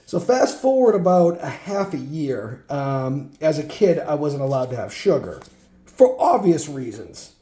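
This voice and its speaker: A man's voice: fairly high pitch, sing-song, unhurried, warm tone. A man rambling through childhood stories in a casual vlog while sorting cards, full of fillers and restarts. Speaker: card collection vlogger. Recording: echoey room.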